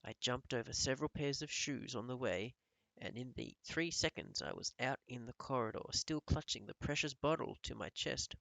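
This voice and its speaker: Gravelly male teacher reading aloud. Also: medium pitch, normal speed, dry recording, low-quality recording. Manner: calm storytelling narration. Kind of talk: reading a novel aloud to pupils.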